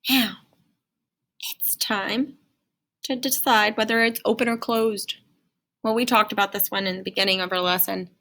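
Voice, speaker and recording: A woman teacher giving a playful, animated phonics lesson to young children. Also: medium pitch, moderate pace, long pauses.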